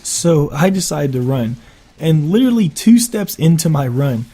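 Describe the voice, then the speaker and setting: A young man telling a casual, profane story for his vlog in an animated way. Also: on the high side, normal speed, breathy edge. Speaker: vlogger.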